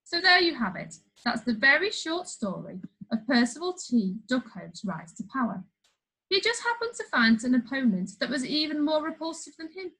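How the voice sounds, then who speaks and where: A woman's voice: high voice, big pitch swings, moderate pace, pushed and bright, poor audio. A woman reading a funny children's story aloud, playful, with chatty asides to the listener. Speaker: storybook reader.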